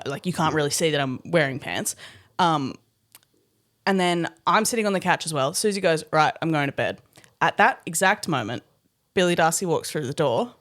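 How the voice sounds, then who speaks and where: Woman podcast co-host, lively storyteller, laughs often, casual swearing. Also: on the low side.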